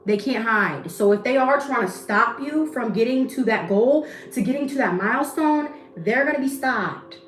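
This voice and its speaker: A woman's voice: fairly high pitch, lively intonation, normal speed, hardly any pauses. A woman giving a casual tarot reading to camera, blunt, slangy and profane. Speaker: tarot reader. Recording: echoey room with faint music.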